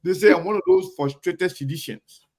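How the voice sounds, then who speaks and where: Speaking emphatically and right to his audience, a man hosts an online talk show, offering shout-outs by name and commentary. His high-pitched voice has a darkish tone and moves at a moderate pace.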